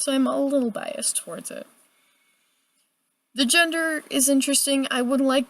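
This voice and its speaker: A young adult woman giving a casual, chatty video review, animated and full of filler words. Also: on the high side. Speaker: book reviewer.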